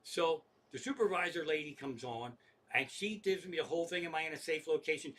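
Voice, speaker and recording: A man telling a comic story in a bright, slightly high voice, exasperated and swearing almost every line. He acts out the people on his phone calls and rants in bursts that speed up as he goes. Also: animated, a little fast. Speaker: stand-up comedian. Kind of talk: profane storytelling rant.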